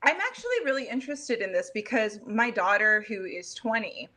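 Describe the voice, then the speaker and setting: A woman's voice: on the high side, expressive, normal speed, pushed and bright. A woman in her forties hosting a casual video interview, bubbly and giggly, often teasing herself. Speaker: podcast host.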